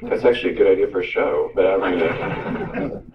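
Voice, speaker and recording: A man's voice: low voice, normal speed. A man who works as a radio host gives a teaching talk, telling stories and acting out the voices in his quotes. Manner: storytelling, animated, acts out quotes. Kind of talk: sermon-style teaching talk. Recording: roomy, distant, dull sound.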